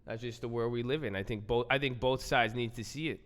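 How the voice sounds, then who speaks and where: A man's voice: mid-range voice, fairly quick, fairly bright tone, in a large hall. A man hosting a casual livestream, chatting loosely and repeating himself, saying "bro" and "man" a lot. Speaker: livestream host.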